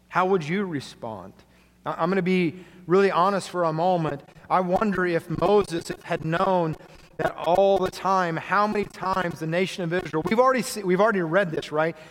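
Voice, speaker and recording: A male pastor preaching a sermon to a congregation, earnest, often dropping quietly for emphasis. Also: a little high, normal speed. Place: church sanctuary. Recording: long hall reverb.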